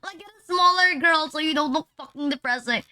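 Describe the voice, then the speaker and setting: High, bright-voiced woman streamer rambling crudely. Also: brisk. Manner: rambling and crude, heavy filler "like"; mocking, teasing banter with chat. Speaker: VTuber streamer. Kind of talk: casual livestream chat.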